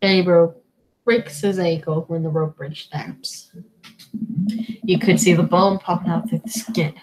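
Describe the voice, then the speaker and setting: Woman doing a grim veteran, slow soft delivery. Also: fairly low pitch, fairly even intonation, a little hiss or hum, natural voice, low-quality recording. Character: gruff hardened middle-aged male army veteran.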